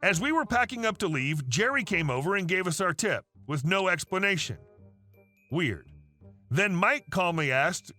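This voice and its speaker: A man's voice: high-pitched, animated, normal speed, bright, forceful tone. A man narrating online stories in a casual, wry storytelling tone. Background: faint music.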